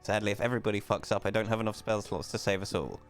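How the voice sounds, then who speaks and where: A man's voice: lowish voice, very fast, soft background music. A man playing a tabletop role-playing game, joking and swearing casually with friends. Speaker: player.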